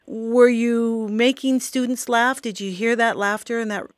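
A woman hosting an interview, asking measured, attentive questions. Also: a little high, steady tone, no room sound, studio quality. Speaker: radio interviewer host.

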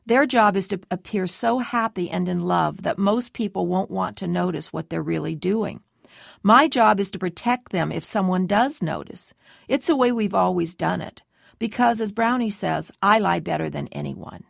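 A woman's voice: lowish voice, normal speed, vocal fry, no room sound, studio quality. A woman reading a first-person novel aloud, giving the dialogue light character shading. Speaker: audiobook narrator.

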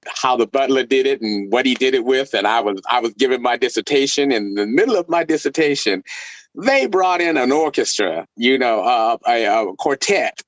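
A middle-aged man from Texas, a violinist guest, telling stories in a casual interview with laughs and animated delivery. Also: mid-range voice, normal speed, dry recording, dull audio. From El Paso, Texas.

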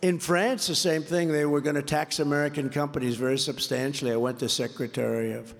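Gravelly older man rallying a big hall. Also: a little high, fairly even intonation, a little fast. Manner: rambling, repetitive, boastful storytelling. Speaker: political candidate at a rally. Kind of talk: off-script campaign rally speech. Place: large indoor rally venue. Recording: long reverb from a large hall.

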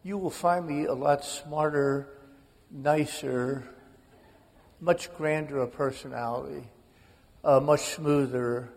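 An older man with a gravelly, somewhat high voice tells stories with wry self-mockery. He is a guest on a radio interview. A long reverberant tail hangs on his words. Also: fairly even intonation, takes it slowly. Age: 60s. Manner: wry, self-mocking storyteller.

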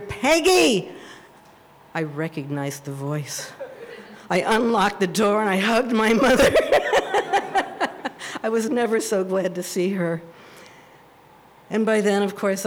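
A woman telling a true personal story at a live storytelling event, animated and often laughing as she talks. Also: on the low side, slight background noise.

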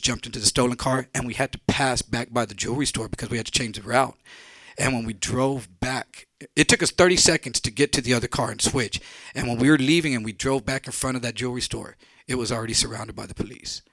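A man's voice: medium pitch, fairly even intonation, fairly quick, a bit bright, dry recording. A middle-aged man from San Antonio telling a true story on stage in a blunt, candid, conversational way with casual swearing.

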